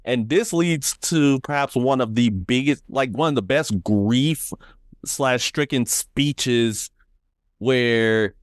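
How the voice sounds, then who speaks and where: A podcast co-host dramatically retelling an emotional scene in casual chat. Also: male voice, slow, dry recording, studio quality. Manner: expressive, dramatic retelling with big pitch swings.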